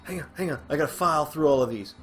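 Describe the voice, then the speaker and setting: A man's voice: on the high side, racing, a bit bright, soft background music. Chatty man rambling over gameplay. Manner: rambling, chatty and self-deprecating; thinks aloud with frequent fillers and restarts. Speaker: gaming video host. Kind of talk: casual gameplay commentary.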